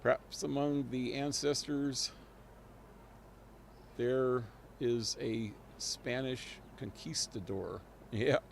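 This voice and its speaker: A man's voice: mid-range voice, fairly even intonation, takes it slowly, creaky, long pauses, slight background noise. A man live-streaming a video game, rambling and thinking aloud with chuckles. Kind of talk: live gameplay commentary.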